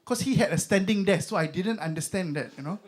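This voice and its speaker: A man's voice: high-pitched, fast. Man, young adult, Singaporean accent, stand-up comic, conversational, filler-heavy. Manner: conversational, filler-heavy, mock voices for bits. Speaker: stand-up comedian. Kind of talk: stand-up comedy set.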